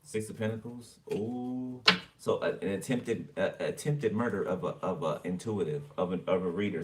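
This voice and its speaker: A man with a fairly low voice gives a casual tarot reading, naming cards and commenting in a chatty, blunt way with the occasional curse. He sounds set back from a distant mic, with a faint hiss in the background. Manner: chatty, blunt, swears and laughs freely. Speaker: tarot reader.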